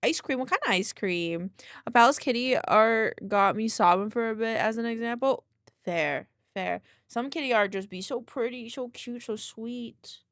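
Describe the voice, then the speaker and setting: A woman's voice: on the high side, normal speed, a bit bright, no echo, clean studio sound. A young woman streamer chatting casually with her live chat in a sleepy, laid-back way, counting out exercise reps as she goes.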